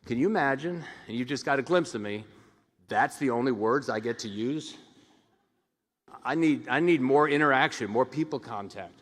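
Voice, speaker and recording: A man's voice: medium pitch, a little fast. A middle-aged man giving a commencement speech as a hospital administrator, telling stories and acting out the voices of the people in them, with frequent restarts. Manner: animated storyteller who acts out quoted voices, frequent restarts. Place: large ceremony hall. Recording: long reverb of a large hall.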